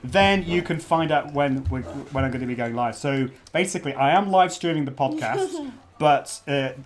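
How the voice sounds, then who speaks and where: A man's voice: fairly high pitch, big pitch swings, moderate pace, slight background noise. A middle-aged man hosting a live stream launch party, chatty and prone to restarts. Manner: chatty, restarts often, interrupted by kids. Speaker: podcast host. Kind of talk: casual livestream talk.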